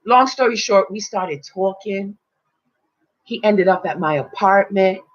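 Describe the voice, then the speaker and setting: A woman spiritual teacher telling a personal story in casual, animated talk, swearing freely and acting out quotes. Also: medium pitch, measured pace. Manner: animated, swearing, acts out quotes in loud voices. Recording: dull lo-fi recording.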